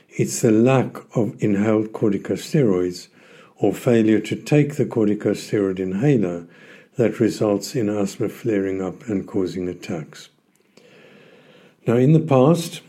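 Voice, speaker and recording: Calm low-voiced man explaining health. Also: husky. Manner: calm, measured, emphasizes key words. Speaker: podcast host.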